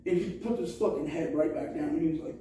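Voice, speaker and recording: A man's voice: a little high, quick pace. A man co-hosting a casual podcast, telling profane stories and mimicking people. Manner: profane storytelling with loud mimicking asides. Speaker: podcast co-host. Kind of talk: casual drunken chat. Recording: echoey room, far from the mic, faint noise.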